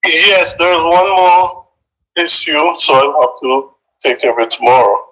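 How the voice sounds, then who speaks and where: An older man from St. Vincent with a Vincentian accent softened by decades in the US, calling into a live chat and speaking haltingly, often repeating himself. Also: fairly high pitch. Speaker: caller. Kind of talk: casual phone-in chat. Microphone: phone. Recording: tinny phone line.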